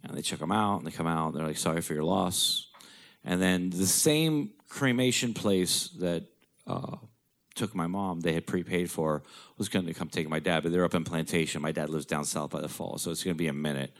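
A man's voice: sits low, brisk. A man telling a personal story in a blunt, profane, darkly joking way.

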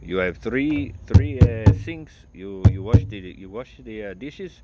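A man putting on the voice of a loud, bossy male restaurant manager who barks orders in broken English with a thick accent. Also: on the low side, lively intonation, a little slow, heavy background noise, pitched above the performer's own voice.

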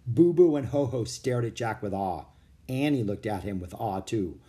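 A man narrating a children's storybook with an expressive reading. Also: lowish voice, moderate pace.

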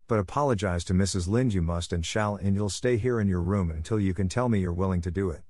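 A man's voice: low voice, fast, a little mellow, no room sound. A man voicing a strict, stern middle-aged woman guardian in a storybook reading, severe and dry.

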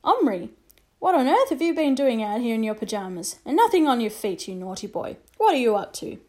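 A woman reading a storybook aloud, voicing a stern father who scolds his son loudly. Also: high voice, lively intonation, a little fast, pitched above the performer's own voice. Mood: scolding. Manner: loud, scolding.

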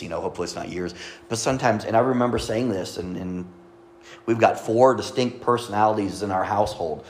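A middle-aged man preaches a sermon in a low voice, reading scripture and then talking it over in a loose, conversational way. He makes small jokes and speaks straight to the congregation. A faint hum of noise sits under his voice. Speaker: pastor.

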